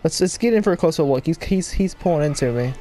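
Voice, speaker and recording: A young man rambling excitedly to viewers as he plays a game, recorded at home with game music behind him. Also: on the high side, fast talker. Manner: excitable, rambling, talks to viewers while playing. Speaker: gaming YouTuber. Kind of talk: casual let's-play commentary. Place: home room, people audible outside.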